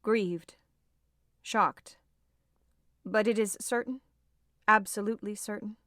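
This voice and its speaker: A woman reading a gentle, concerned gentleman. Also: medium pitch, steady tone, slow, no echo, studio quality. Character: grave, gentle gentleman, worried and restrained. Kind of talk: audiobook character reading.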